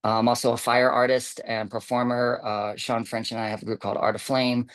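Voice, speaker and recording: A man recounts a story in a relaxed, meandering way on a video call. He restarts his sentences often and acts out the lines of the people in his story. His voice sits at an ordinary middle pitch. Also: brisk. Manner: rambling, many fillers and restarts, quoting others. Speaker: camp volunteer telling a story. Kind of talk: casual storytelling.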